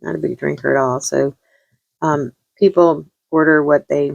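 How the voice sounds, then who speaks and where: A woman's voice: low voice, fairly even intonation, moderate pace, creaky, dry recording, muffled recording. A middle-aged woman hosting a vlog, chatting casually while she crafts, rambling and self-deprecating and often repeating herself. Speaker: vlog host.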